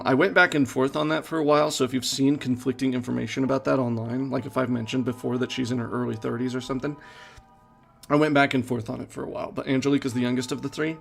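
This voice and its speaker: A man, a game director, giving live playthrough commentary and answering viewer questions in a relaxed, halting way. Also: mid-range voice, vocal fry. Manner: relaxed, hesitant with fillers.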